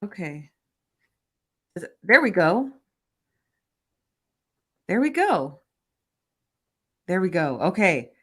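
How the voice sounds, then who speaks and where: A woman's voice: on the low side, sing-song, slow pace, pauses often, fairly bright tone, breathy edge. A woman hosting a casual livestream, chattily greeting viewers by name and reading their comments aloud. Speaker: livestream host. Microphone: phone.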